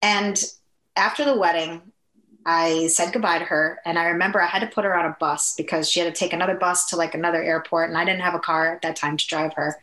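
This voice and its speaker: A woman from the Upper Midwest of the US, telling an emotional personal story as an interview guest, earnest, with halting restarts. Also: fairly low pitch, fairly even intonation, a bit bright, echoey room, rough recording.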